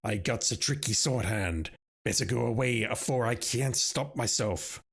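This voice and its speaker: A man voicing a grizzled old sailor with a rasping, growling delivery and coarse, threatening talk. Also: mid-range voice, normal speed, fairly bright tone. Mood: menacing. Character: grizzled old male sailor guarding a boat, gruff.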